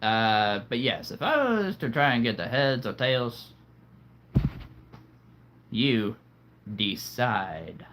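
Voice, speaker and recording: A man's voice: mid-range voice, lively intonation, slow pace, long pauses, noisy background. A man hosting a casual livestream, chatting playfully with viewers and laughing at his own jokes. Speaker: livestream host.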